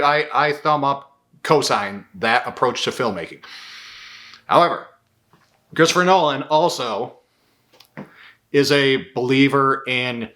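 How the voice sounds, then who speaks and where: A man's voice: mid-range voice, pushed and bright. A man, a filmmaker and video host, giving casual film commentary in a rambling, profane style full of fillers.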